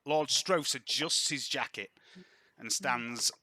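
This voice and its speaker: A man narrating a tabletop game as game master, with lively, descriptive delivery. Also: mid-range voice, slow.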